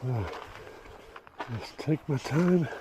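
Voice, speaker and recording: Older man slowly narrating his hike. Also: fairly high pitch, animated, noisy background. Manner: slow, unhurried, self-deprecating, with many pauses and fillers. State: out of breath from hiking. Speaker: hiking vlogger. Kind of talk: casual hiking vlog narration. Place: outdoors on a rocky desert canyon trail. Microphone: handheld or body camera mic while walking.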